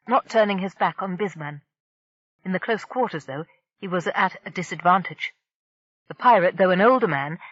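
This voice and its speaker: A woman narrating a science fiction audiobook in a steady, dramatic reading style. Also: medium pitch, no echo, muffled recording. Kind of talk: scripted narration.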